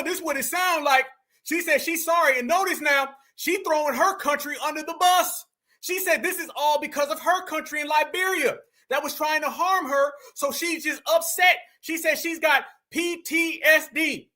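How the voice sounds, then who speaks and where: A man with a very high, bright voice delivers mocking reaction commentary on a clip. He talks emphatically, and at times he rises to a shout. His tone is sharp and ringing.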